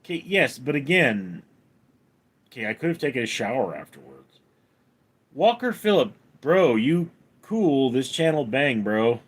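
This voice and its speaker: A man hosting a home livestream, reading viewer comments and answering in a dry, deadpan way. He talks slowly, and his pitch rises and falls a lot from line to line. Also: husky. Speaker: livestream host. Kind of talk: reading live chat aloud.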